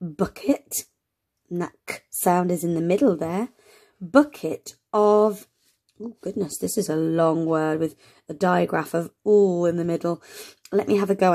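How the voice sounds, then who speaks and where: A woman reading a phonics picture book aloud to young children, slowly sounding out words letter by letter and cheering them on. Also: lowish voice, warm tone. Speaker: early reading teacher.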